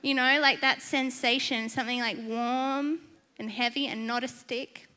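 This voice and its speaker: A woman giving a sermon, telling personal stories in a lively, humorous, chatty way. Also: sits high, a little slow. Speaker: church speaker.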